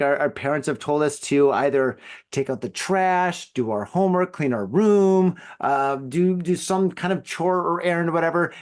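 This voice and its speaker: A man hosts a solo podcast, reading out odd news and riffing on it in a loose, rambling way. His voice sits a little higher than most men's. He leans on fillers and jokes. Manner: rambling, joking, filler-heavy. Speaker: podcast host.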